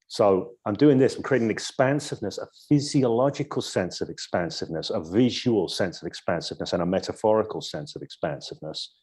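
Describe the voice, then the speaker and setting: A man with a low, husky voice talks through his coaching in a thoughtful podcast chat. He explains with examples and now and then slows into a soothing, hypnotic tone. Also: darkish tone. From Edinburgh, Scotland. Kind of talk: casual interview conversation.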